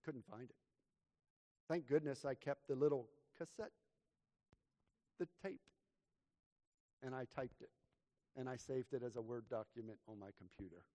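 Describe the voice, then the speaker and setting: Slow, dramatic preaching man. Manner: dramatic, swings between loud emphasis and hushed lows. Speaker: pastor. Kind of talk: sermon and prayer. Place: church sanctuary. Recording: long hall reverb from church.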